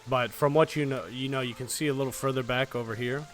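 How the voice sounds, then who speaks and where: A game master runs a tabletop game, narrating loosely and casually in a medium-pitched voice with fairly even intonation, talking fast with lots of fillers and swearing. Faint fantasy music and rain sound in the background.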